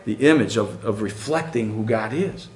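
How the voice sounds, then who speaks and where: A middle-aged man preaching a sermon, animated and full of rhetorical questions to the congregation. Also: fairly low pitch, normal speed.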